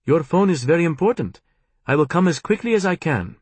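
A gentle, earnest cab driver with an Indian accent, as a male narrator puts him on. The voice sits noticeably higher than the reader's own and stays polite and kindly throughout. The recording is dry and close, like a storybook reading. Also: expressive, a little fast, breathy edge, dry recording.

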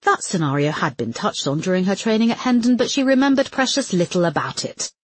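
Husky woman narrating an audiobook. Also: mid-range voice, expressive, a little fast, no echo. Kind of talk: scripted narration.

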